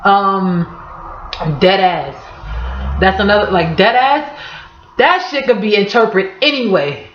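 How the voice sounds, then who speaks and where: A woman's voice: mid-range voice, very animated, measured pace, slight background noise. A young woman from Harlem with a New York accent, talking casually and profanely to camera in a vlog. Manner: casual, profane, laughing slang-heavy storytelling. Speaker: vlogger. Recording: echoey room, dull lo-fi sound.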